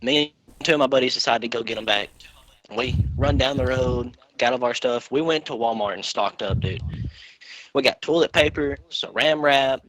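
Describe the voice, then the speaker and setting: Bright, fast-talking young man swearing. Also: medium pitch, poor audio. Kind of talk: casual storytelling.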